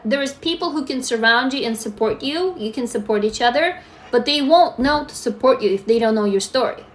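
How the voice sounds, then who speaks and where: A woman in her forties from Russia hosting a casual livestream, candid and emphatic, swearing freely as she answers viewer comments on a phone. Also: a little high. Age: 40s. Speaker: livestream host.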